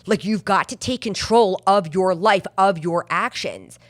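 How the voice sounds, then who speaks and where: A middle-aged woman hosting a podcast, talking candidly and emphatically in a motivational monologue, repeating phrases for emphasis and mocking her own excuses in quick quoted asides. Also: mid-range voice. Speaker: podcast host.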